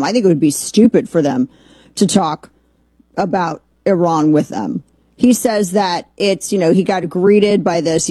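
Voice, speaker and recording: A woman hosting a political talk radio show from a studio, sarcastic and animated, with rambling asides. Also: lowish voice, breathy edge, no echo. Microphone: studio microphone.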